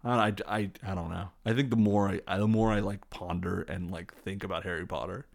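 Man, gravelly voice, lowish pitch, casual rambling film recap, jokey, lots of ums. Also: steady tone, fairly quick. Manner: rambling and jokey, many fillers. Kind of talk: casual movie recap commentary.

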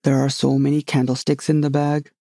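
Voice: mid-range voice, level tone, a little fast, mellow, no room sound, studio quality, natural voice. A storybook reader voicing a grave, muddled old knight who rambles proudly about his own inventions. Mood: earnest. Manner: grave, rambling, self-satisfied.

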